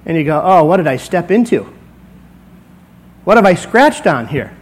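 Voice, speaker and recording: High-voiced man preaching a sermon. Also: sing-song, moderate pace, darkish tone, rough recording. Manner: conversational, acts out little dialogues. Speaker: pastor. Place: church sanctuary.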